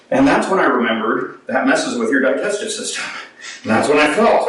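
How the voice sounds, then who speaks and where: Animated storyteller man in an echoey hall. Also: mid-range voice, quick pace. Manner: animated, self-mocking, acts out quotes. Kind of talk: live personal storytelling. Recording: echoey hall, distant mic.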